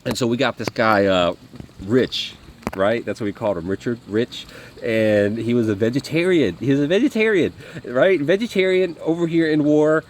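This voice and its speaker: A man's voice: mid-range voice, moderate pace, a little hiss or hum. A man telling war stories to camera in a rambling, conversational way, with lots of fillers and restarts. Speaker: vlogger. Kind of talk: casual storytelling monologue.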